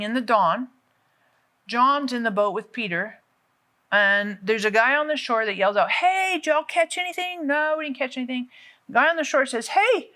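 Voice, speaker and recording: A middle-aged woman giving a conversational Bible teaching, telling the story lively and acting out the quotes. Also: high-pitched.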